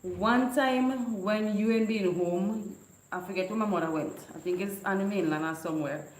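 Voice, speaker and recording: A woman, chatting casually and telling lively stories with frequent laughter. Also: mid-range voice, normal speed, slight background noise. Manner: lively, laughing often, animated storytelling. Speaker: vlogger. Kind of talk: casual storytelling chat. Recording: echoey room.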